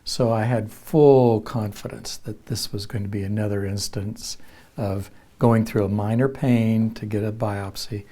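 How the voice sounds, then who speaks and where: A man who teaches counseling at a university, earnestly recounting a personal experience in a reflective, measured way. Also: lowish voice, steady tone, dark tone. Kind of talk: personal storytelling.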